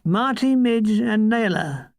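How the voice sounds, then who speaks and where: A prim young floor manager with a clipboard, as an older woman reading a memoir puts her on, speaking slowly in a slightly raised, officious tone. The voice is dry and close, with no room around it. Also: a little high, expressive, darkish tone, dry recording.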